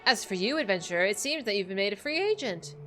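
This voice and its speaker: A smooth-talking mercenary broker, read aloud by a woman playing a game. The pitch swings freely as the deal is pitched. Soft game music hums underneath. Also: expressive, quick pace. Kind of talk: reading game dialogue aloud.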